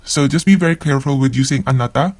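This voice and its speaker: Talking fast in a mid-range voice, a language learner from the Philippines teaches vocabulary by pronouncing each word two times and then explaining it. There's no room sound in the recording.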